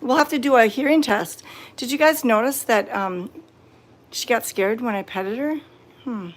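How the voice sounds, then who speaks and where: A woman live-streaming from a cat sanctuary, chatting casually with viewers and cooing softly at the cats. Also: on the high side, moderate pace. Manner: soft-spoken, cooing baby talk to cats. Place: indoor cat room at a sanctuary.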